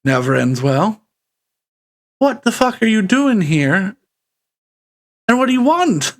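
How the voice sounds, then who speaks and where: A suspicious, blunt leader of armed men, voiced by a man running the game. He talks quickly and bluntly, swearing, clearly wanting no trouble with magic. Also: high voice, big pitch swings, slight background noise, pitched above the performer's own voice, full character voice. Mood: wary.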